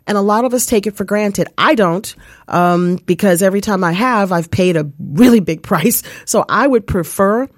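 A woman's voice: medium pitch, normal speed, no room sound, studio quality. A woman hosting a live spiritual coaching show, telling a personal story in an earnest, casual way and often speaking to listeners directly. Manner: earnest, addresses listeners as "you guys".

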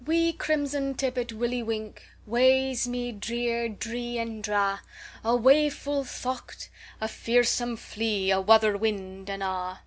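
Lady voicing a bossy teasing schoolgirl, loud and emphatic, kinda mock-grand. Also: on the high side, expressive, moderate pace. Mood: reciting. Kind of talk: audiobook character voice.

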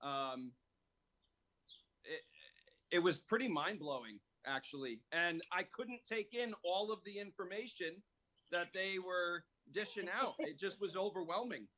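A man's voice: high voice, measured pace, bright, forceful tone. A man in a casual chat, telling eagerly about a visit he made.

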